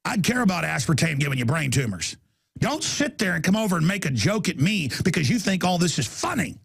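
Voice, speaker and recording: Gravelly middle-aged male radio host, combative rant, high lively pitch. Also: fairly quick. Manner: aggressive, combative, loud outbursts. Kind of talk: ranting radio monologue.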